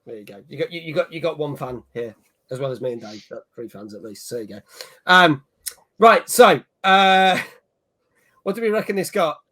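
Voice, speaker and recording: A man's voice: on the high side, expressive, normal speed, bright, forceful tone. A man hosting a casual gaming chat show, reading out viewer messages and scores. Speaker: podcast host.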